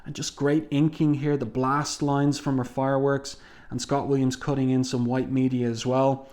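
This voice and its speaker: Casual male comic reviewer, relaxed, talks through panels with ums. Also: medium pitch, normal speed. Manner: walks through panels, reads dialogue aloud, frequent ums.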